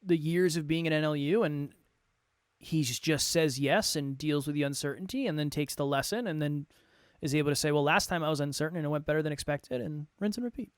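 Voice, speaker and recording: Joking upbeat podcast cohost guy, voice a bit on the high side, dry close mic. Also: a little fast, smooth, no room sound. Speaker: podcast co-host and coach. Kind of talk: motivational podcast talk.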